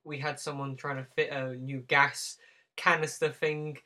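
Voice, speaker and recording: Guy hosting a chill podcast from his home office on a laptop mic, giggly and hyped. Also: mid-range voice. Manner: excitable, giggly, quick asides. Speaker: podcast host. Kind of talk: casual chat.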